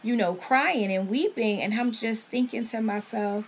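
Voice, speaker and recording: A woman's voice: fairly high pitch, unhurried, few pauses, a little hiss or hum. A woman, a podcast guest, telling a personal story at home and acting out what others said to her. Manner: earnest, relives scenes by quoting others' words. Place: at home, in a bedroom with a TV on.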